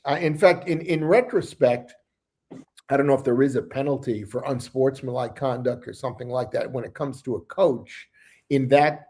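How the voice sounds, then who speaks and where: A man in casual sports chat who speaks earnestly and at length, building his points step by step. His voice sits at an average pitch for a man. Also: creaky, mellow, breathy edge. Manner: earnest, long-winded.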